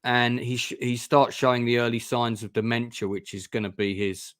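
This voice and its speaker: The host of a review channel leads a casual discussion, recounting scenes in a rambling way and frequently restarting his sentences. His mid-range voice is fairly bright and clean, with even intonation and a normal pace, captured in a clean studio with no echo.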